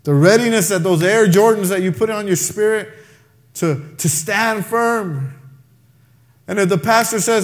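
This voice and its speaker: A man preaching a sermon, telling a story with lively acted-out voices. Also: high voice, normal speed. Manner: animated preaching, acts out voices in his story. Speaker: pastor.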